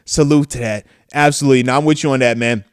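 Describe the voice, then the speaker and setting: A retired football player in his thirties from the United States hosts a live podcast stream, reading viewer comments and chatting casually in slang. His medium-pitched voice moves fast, the sound is clean with no room noise and studio quality, and he animatedly shouts out viewers, screaming when he acts out riders.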